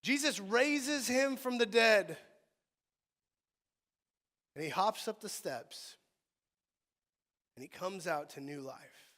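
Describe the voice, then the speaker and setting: Brief: male pastor, high voice, animated sermon, echoing sanctuary. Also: takes it slowly, long pauses. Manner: animated preaching, swinging from soft to loud. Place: church sanctuary.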